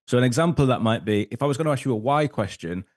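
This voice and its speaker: Male guest, mid-pitch, easy explainer who drops into quick role-played dialogue, steady talk with fillers. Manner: acts out sample dialogue, frequent um fillers. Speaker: sales consultant guest. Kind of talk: explaining techniques in an interview.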